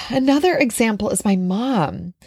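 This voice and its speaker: A Minnesota woman who works as a nutrition coach hosts a solo podcast, talking earnestly and from the heart in a reflective, conversational monologue with fillers. Her voice is on the high side, creaky and husky. The recording is clean studio sound with no room noise.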